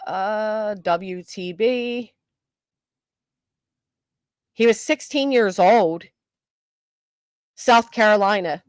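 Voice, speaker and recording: An older woman talks through a true crime case in a loose, chatty way, stumbling over fillers as she reacts to comments and clips. Her voice is recorded dry and close, with no room sound around it. Her pitch sits in a middle range. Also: drawn-out words, long pauses, smooth, no room sound. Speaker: true crime livestream host. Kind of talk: casual commentary, reading viewer comments.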